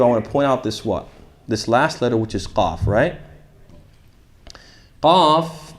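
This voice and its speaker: A man leading a tajweed class, explaining rules, asking his students questions and reciting Arabic phrases slowly for them to repeat. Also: medium pitch, a little mellow. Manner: asks the class questions then answers them. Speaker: shaykh teaching tajweed. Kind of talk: interactive classroom lesson.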